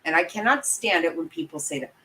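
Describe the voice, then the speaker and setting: A woman true crime commentator with a lowish, sharp voice talks quickly with lively intonation, over a rough recording carrying a little hiss or hum. She rants on a livestream, angry, profane, and emphatic, speaking straight to viewers and apologizing for outbursts.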